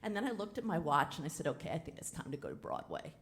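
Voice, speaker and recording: A woman telling a personal story live on a theater stage, animated and frank, acting out the dialogue as she goes. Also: sits low, fast. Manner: animated, dramatic retelling with quoted dialogue; casual and frank. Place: theater stage before an audience.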